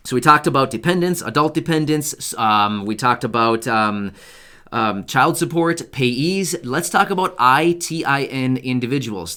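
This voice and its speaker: A man's voice: mid-range voice, bright, forceful tone. A man hosting his own channel, talking straight to his viewers in a casual, conversational way and repeating key points for emphasis. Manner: speaks directly to viewers. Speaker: channel host. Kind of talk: casual explainer video.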